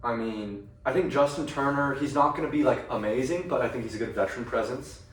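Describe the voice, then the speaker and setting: A man's voice: mid-range voice, a little fast. A young man co-hosting a casual sports podcast, talking eagerly with stammering restarts. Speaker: podcast co-host. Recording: distant mic in an echoey room.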